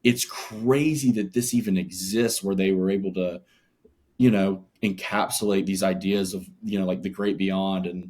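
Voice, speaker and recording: A man with a low, husky voice talks loosely in a casual podcast chat. He halts often and fills gaps with fillers. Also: steady tone, darkish tone. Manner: loose, halting, many fillers. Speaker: podcast co-host.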